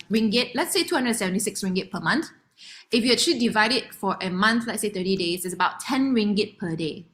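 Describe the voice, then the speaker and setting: A young woman with a Malaysian English accent and a slightly high voice presents an online sales demo. She is chatty and lively, and she acts out her customers' lines as she goes.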